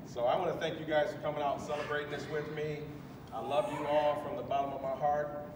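A man in his fifties giving an emotional retirement speech, warmly thanking friends and colleagues and laughing often. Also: a little high, flat delivery, fast. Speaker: retiring chief master sergeant giving his farewell speech. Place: large ceremony hall on a military base. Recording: echoey hall from far off, with crowd and noise. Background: audience murmuring and laughing.

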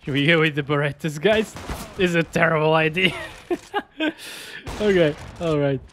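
An excitable man talks through his gameplay in a slightly high voice. He yelps and laughs at the action as he plays. Faint game gunfire sits in the background. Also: normal speed, slight background noise. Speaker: gaming YouTuber. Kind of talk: gameplay commentary. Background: game gunfire and explosions.

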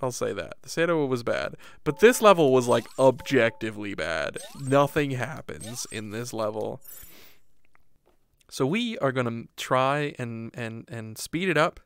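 A man commenting on a VR rollercoaster game, swearing, pleading and laughing, with frequent swings into panicked yelling. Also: mid-range voice, animated, measured pace, clear, resonant tone, no room sound. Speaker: gaming YouTuber. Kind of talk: VR gameplay commentary.

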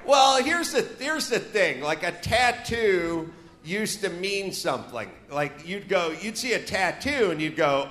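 A man's voice: high-pitched, big pitch swings, measured pace, bright, forceful tone. A man from North Hollywood hosting a live comedy podcast on stage, ranting and joking crudely. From North Hollywood, California. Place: live venue stage with audience. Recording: echoey live venue sound.

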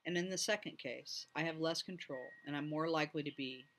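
A man reading a novel aloud at home, lively and doing each character's voice. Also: fairly high pitch, fairly quick, slight background noise. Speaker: audiobook reader.

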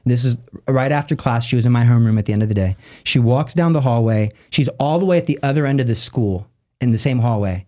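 A man, a lay evangelist, telling a story as a podcast guest, acting out the people he quotes with sudden jumps in pitch and rushing through his asides. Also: mellow. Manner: acts out quoted voices with big jumps in pitch; rushes asides in quick bursts. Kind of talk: animated storytelling in conversation.

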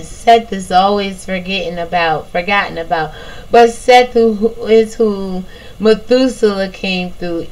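Slow, deliberate woman teaching the Bible. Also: mid-range voice, rough recording. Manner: slow and deliberate, drawing out lists of names. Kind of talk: casual Bible teaching, reading scripture aloud.

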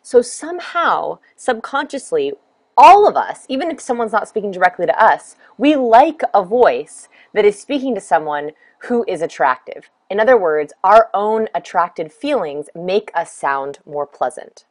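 A woman's voice: mid-range voice, big pitch swings, moderate pace, no echo. A middle-aged woman instructor talking through a recorded lesson, friendly and explanatory, listing tips one by one. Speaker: course instructor.

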